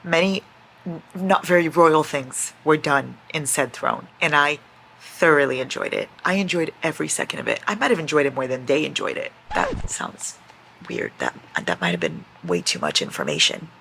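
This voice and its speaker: A woman vlogging casually about a book series, excitable, swearing and reacting loudly as she reads. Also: low-pitched, moderate pace, creaky, a little hiss or hum, poor audio. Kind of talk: casual reading vlog.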